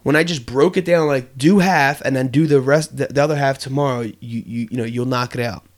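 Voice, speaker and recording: A man's voice: mid-range voice, a little fast. A young man co-hosting a podcast, talking earnestly in a casual, reflective way with lots of fillers and restarts. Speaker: podcast co-host.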